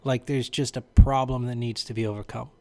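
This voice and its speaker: A man co-hosting a podcast, talking in a laid-back, dry and teasing way with a low, smooth voice. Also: steady tone, brisk, warm tone. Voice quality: low and smooth, by his own account. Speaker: podcast co-host. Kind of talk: casual chat.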